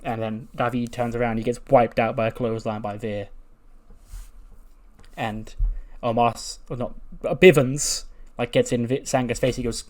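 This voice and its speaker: A man's voice: mid-range voice, steady tone, moderate pace, darkish tone. Brief: man, casual let's-play recap, rambling and profane. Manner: rambling, swears, laughs at results. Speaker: game commentator.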